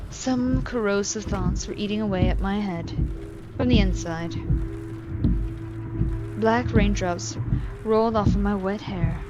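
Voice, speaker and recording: A woman's voice: medium pitch, a little slow, long pauses, muffled recording, over loud music, lightly acted. A woman voicing a weary noir housewife. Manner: flat, world-weary noir narration. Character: plain-spoken simple housewife in a noir tale. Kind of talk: voiced game narration.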